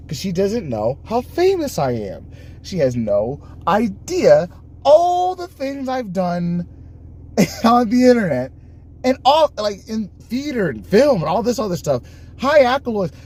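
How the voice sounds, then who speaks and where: Animated high-voiced male streamer. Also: a little hiss or hum. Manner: animated storytelling, laughing often, acting out quoted exchanges. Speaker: live streamer. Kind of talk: casual chat on a live stream.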